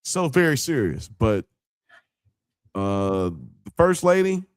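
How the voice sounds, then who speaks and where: A man's voice: medium pitch, very animated, slow pace, clean tone, no room sound, studio quality. A man hosting a podcast, arguing casually and swearing while talking over his co-host. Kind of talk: casual heated podcast debate.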